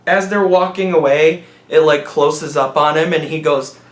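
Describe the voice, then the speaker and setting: With a roomy echo around him, a man with a fairly high voice pokes fun at a movie while reviewing it, wandering off on tangents and voicing characters in silly ways. His pace is moderate and his intonation fairly even throughout.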